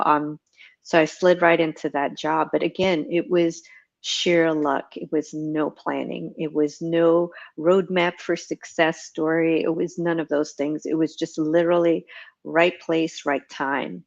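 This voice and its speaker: Guest: middle-aged woman, very low voice, relaxed and rambling, slightly muffled audio. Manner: rambling, many ums, laughs at herself. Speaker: guest, retired Navy chief petty officer. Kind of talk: relaxed storytelling interview.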